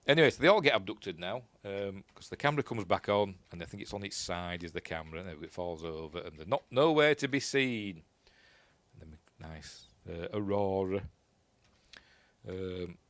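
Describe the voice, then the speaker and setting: A man's voice: deep voice, dry recording. A man with a Yorkshire accent giving a casual, rambling commentary while watching a film, often unsure of himself and chuckling at his own asides. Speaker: film reviewer.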